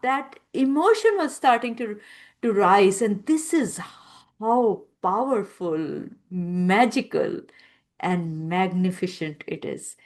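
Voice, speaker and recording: A woman hosting a podcast interview, speaking in a calm, affirming way with soft spiritual phrasing. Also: mid-range voice, slow pace. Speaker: podcast host. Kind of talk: slow, gentle interview talk.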